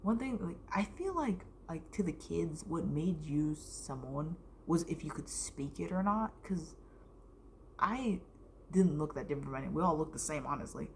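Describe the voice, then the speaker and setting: Young adult woman from the US, casual vlogger, rambling delivery with heavy vocal fry and the odd whisper. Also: deep voice, expressive, moderate pace, darkish tone, a little hiss or hum. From United States. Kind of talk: casual storytime vlog.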